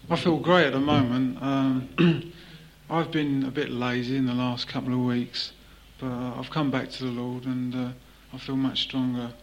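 Guy giving testimony, flat voice, halting, muffled tape. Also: medium pitch. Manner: hesitant, many fillers. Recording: dull old tape with faint noise.

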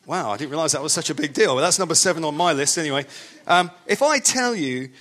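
Emphatic preacher, slightly high voice. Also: male voice, lively intonation, fast talker, fairly bright tone. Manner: emphatic, repetitive, conversational. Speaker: pastor. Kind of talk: sermon.

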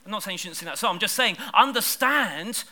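Bright high-voiced preacher. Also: male voice, brisk. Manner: lively, conversational preaching with bursts of emphasis. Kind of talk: sermon. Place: church service.

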